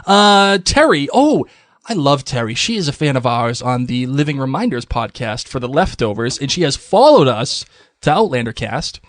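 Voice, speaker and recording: A man's voice: medium pitch, moderate pace, no echo, studio quality. A man co-hosting a podcast, chatting enthusiastically and reading out listener messages. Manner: enthusiastic, animated, restarts often. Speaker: podcast co-host. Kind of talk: casual chat reading listener feedback.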